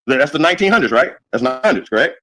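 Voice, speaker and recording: A man's voice: mid-range voice, animated, fast, sharp tone, no echo, poor audio. A man arguing heatedly as a guest on a live-stream panel, repeating words and talking over others.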